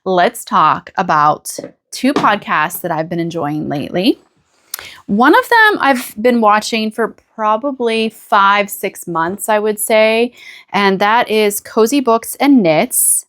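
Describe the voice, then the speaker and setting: An American woman hosts her own knitting podcast in a relaxed, chatty way. She gushes and rambles, restarting her sentences as she goes. Her voice sits at a middling pitch. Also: slow. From United States. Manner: chatty and gushing, with small restarts and laughs. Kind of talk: casual chat to camera.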